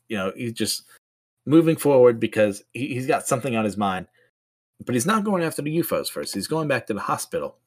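A chatty man casually recapping and reviewing a comic issue, his talk full of fillers and self-deprecating asides. His voice sits at an ordinary middle pitch for a man. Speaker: comic book podcast host.

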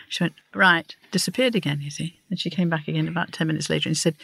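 A woman's voice: deep voice, fairly even intonation, fast talker, creaky, hardly any pauses, fairly bright tone, husky, no echo. A woman telling a funny anecdote and reading her own short story aloud, acting out the quoted voices. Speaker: writing group member.

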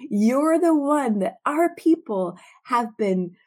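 A woman's voice: sits high, expressive, takes it slowly, a little mellow, pitched above the performer's own voice, exaggerated voice. A woman voicing an awestruck male follower, marveling breathlessly at a revelation. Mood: awed.

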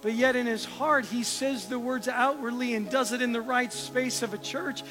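Male preacher, high and bright, earnest questioning sermon delivery, faint music underneath. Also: steady tone, normal speed. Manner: earnest, questioning, dropping to a soft hush for emphasis.

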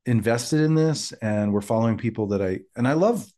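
A man's voice: mid-range voice, a little fast. A man co-hosting a TV rewatch podcast in casual chat, acting out imagined reactions as he makes his points. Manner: animated, acts out imagined reactions in little voices. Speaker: podcast co-host.

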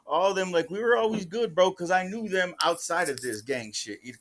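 A man recounts old street encounters in loose podcast talk, sprinkling "bro" through his lines. His voice sits a little high for a man. He slips into the voices of the people he quotes. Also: moderate pace, a bit bright. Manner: profane street slang, says "bro" often; acts out quoted voices in the stories. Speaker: podcast guest or co-host. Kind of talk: casual storytelling chat.

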